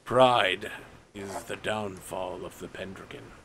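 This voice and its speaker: Man playing a cryptic, ominous magic eagle, low and curt, gravelly voice. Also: takes it slowly, fairly bright tone, slight background noise, exaggerated voice.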